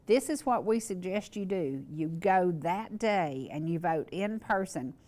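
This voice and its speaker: A woman's voice: fairly low pitch, expressive, a little slow, darkish tone. A woman hosting a local talk show, speaking earnestly and repeating words for emphasis.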